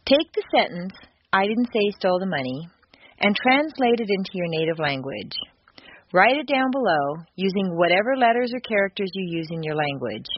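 Woman with a husky, lively teaching voice. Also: mid-range voice, moderate pace. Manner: clear, carefully enunciated instruction with demonstrated stress shifts. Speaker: language instructor. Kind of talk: scripted audio lesson. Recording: dull lo-fi audio course recording.

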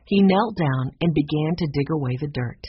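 A woman narrating a children's chapter book in a measured storytelling way. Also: low-pitched, slightly rough, dry recording. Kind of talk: audiobook narration. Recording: dull lo-fi sound.

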